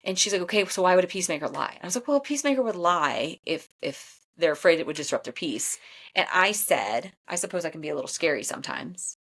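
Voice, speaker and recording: Blunt, animated woman podcast host. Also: on the low side, fast talker. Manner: animated, blunt, laughs often while telling stories. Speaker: podcast host and Enneagram coach. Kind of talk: casual storytelling chat.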